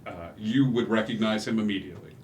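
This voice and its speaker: A man with a lowish voice narrates as game master in a tabletop game, talking fast and casually with plenty of fillers. His loose narration builds to loud excitement. There's slight background noise.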